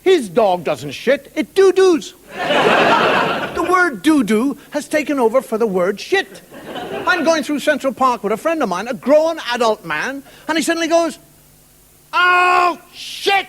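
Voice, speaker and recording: A man's voice: extremely high pitch, very animated, unhurried, fairly bright tone, a faint crowd, a little hiss or hum. A man doing a wry, conversational stand-up monologue in a television studio in front of a live audience. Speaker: comedian. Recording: 1990 TV broadcast, audience laughter.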